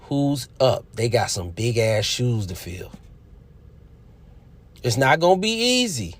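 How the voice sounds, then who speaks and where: Man, casual commentator, preachy and emphatic, loud bursts then quiet asides. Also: medium pitch, big pitch swings, slow pace. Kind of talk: casual opinion monologue.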